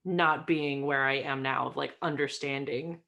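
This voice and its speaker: Give me a chatty woman talking casually as an interview guest, with excited bursts. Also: rumbling low, a little slow, vocal fry. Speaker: podcast guest, stream host.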